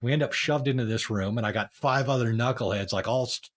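Animated man telling a blunt story. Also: medium pitch, fairly quick. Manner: animated, swearing, laughs easily. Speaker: podcast co-host, firefighter leader. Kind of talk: casual conversational storytelling.

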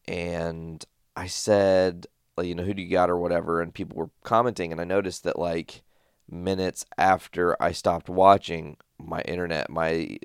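Man, deep voice, gravelly, casual profane storytelling, dry close sound. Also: no room sound. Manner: profane, rambling, animated retelling. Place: home studio.

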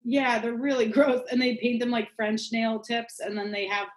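A woman guesting on a casual podcast chat, blunt and giggly, often trailing off softly. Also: a little high, level tone, normal speed.

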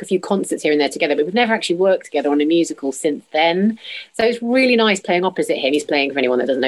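Bubbly woman acting out quotes. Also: low-pitched. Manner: bubbly, animated, acts out quotes in funny voices. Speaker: musical theatre actress, guest. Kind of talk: casual interview chat.

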